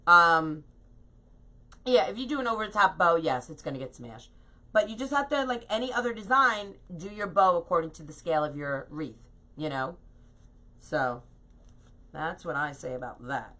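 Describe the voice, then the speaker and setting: A woman's voice: fairly low pitch, expressive, normal speed, pauses often, pushed and bright. A woman hosting a live craft tutorial, chatting and laughing at herself as she reads viewer comments at her home craft table. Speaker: craft host teaching wreath making.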